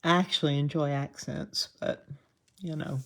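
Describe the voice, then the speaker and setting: A woman's voice: low-pitched, steady tone, normal speed, fairly bright tone. A woman from the Southern United States with a twangy accent, hosting casual live commentary. She chats along, laughs often and pokes fun at herself. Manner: chatty, laughs often, self-deprecating. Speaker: host.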